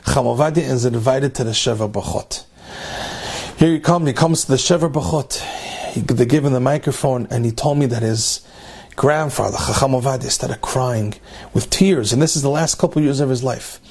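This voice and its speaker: A man's voice: mid-range voice, moderate pace, a little mellow, breathy edge. A man giving a Torah class, telling a story emphatically, repeating phrases for effect and mixing Hebrew terms into his English. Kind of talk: storytelling religious lecture.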